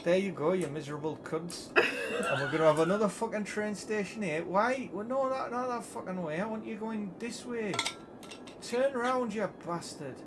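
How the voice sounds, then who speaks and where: A man's voice: high voice, moderate pace. A man streaming a city-building game, swearing constantly in a put-on Geordie accent. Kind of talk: casual gaming livestream banter. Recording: noisy stream audio.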